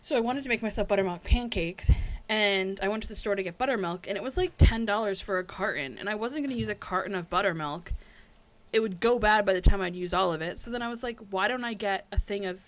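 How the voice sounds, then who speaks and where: Woman co-host, casual chatty podcast talk, mid-pitched, rambling delivery. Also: fast talker. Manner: chatty, rambling with many fillers. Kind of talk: casual chat.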